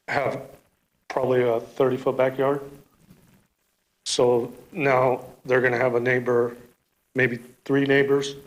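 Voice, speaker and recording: A man's voice: medium pitch, rough recording. A man in a middle register speaks at a council podium in a plainspoken, casual way. He asks direct questions and lays out his concern without ceremony. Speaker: resident giving public comment. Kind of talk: informal public comment. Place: city council chamber.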